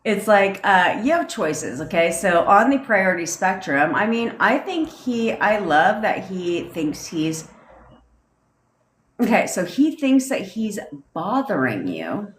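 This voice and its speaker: A woman's voice: medium pitch, very animated, slow pace, roomy sound. A woman who coaches manifestation, chatting casually on a livestream and reading out comments, with a lot of swearing, rambling asides and frequent laughter. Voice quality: profane, rambling, laughs often.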